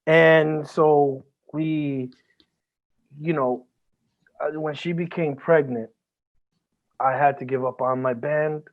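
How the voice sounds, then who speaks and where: A man's voice: on the high side, steady tone, slow pace, pauses often. A man as a podcast guest, talking earnestly and emotionally, swearing a lot and often restarting his sentences. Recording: band-limited phone-like audio.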